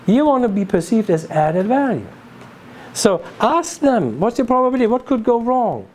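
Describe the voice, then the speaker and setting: A native German speaker giving an instructive business talk in a measured, didactic way, demonstrating phrasing aloud. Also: mid-range voice, big pitch swings, a little mellow, a little hiss or hum.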